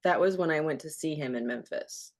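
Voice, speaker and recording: Her voice sits low and moves a little fast. She's in her thirties, a radio host guesting on a podcast, openly recounting an emotional chapter of her life and repeating things people said to her.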